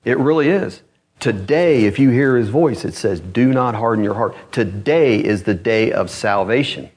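A man preaching a sermon in church, dropping low and quiet, then rising high and urgent as he pleads. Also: slightly rough. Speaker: pastor. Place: church sanctuary.

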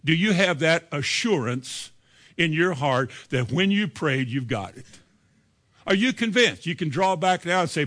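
A man's voice: high voice, animated, moderate pace, pushed and bright. Preaching man firing rhetorical questions. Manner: rhetorical questions, acts out doubters' replies. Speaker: pastor. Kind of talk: sermon.

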